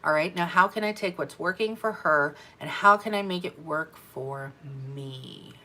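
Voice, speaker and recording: A woman coaching her sales team in an energetic, emphatic talk, repeating her key phrases for effect. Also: on the low side, unhurried, a little hiss or hum. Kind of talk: motivational business talk to camera.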